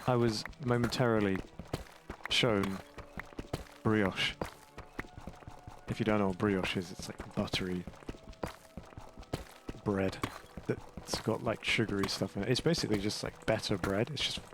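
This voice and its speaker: Rambling young Englishman, low voice. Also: steady tone, a little slow, long pauses, noisy background. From England. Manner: rambling, chatty, self-mocking. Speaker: gaming YouTuber. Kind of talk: casual gameplay commentary. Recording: game music playing behind.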